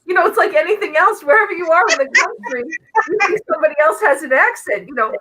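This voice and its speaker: A woman's voice: very high voice, expressive, fast, noisy background. A woman in her fifties with a Bronx New York accent, a teacher talking casually on a livestream.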